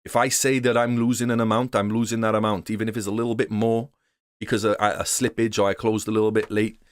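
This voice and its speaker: A man's voice: fairly low pitch, little pitch movement, fast talker, smooth, no room sound, clean studio sound. A man teaching day trading in a loose, profane, slangy way, often acting out other traders' voices. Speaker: trading course instructor. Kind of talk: casual unscripted teaching.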